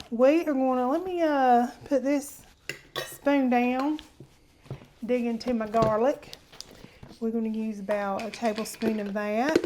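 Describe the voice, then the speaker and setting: A woman's voice: a little high, a little mellow, a little hiss or hum. A woman hosting a casual cooking demonstration in her home kitchen, chatty and homey, calling viewers honey. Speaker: cooking show host.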